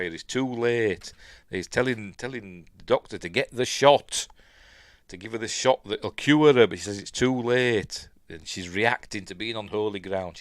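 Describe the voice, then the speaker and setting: A man's voice: fairly low pitch, no echo, clean studio sound. A middle-aged man with a Yorkshire accent, casually talking through a film scene by scene, rambling with chuckles and lots of ums. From Yorkshire, England. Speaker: film reviewer.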